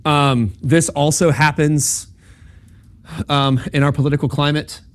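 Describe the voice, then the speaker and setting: A man's voice: fairly high pitch, level tone, measured pace. A young man giving a casual classroom lecture on logic, talking conversationally with lots of ums and okays and checking in with his listeners. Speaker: campus ministry speaker teaching logic.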